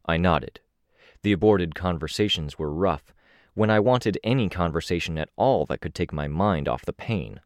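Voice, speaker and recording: A man narrating an audiobook in the first person, with a steady, measured delivery. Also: deep voice, dry recording, studio quality.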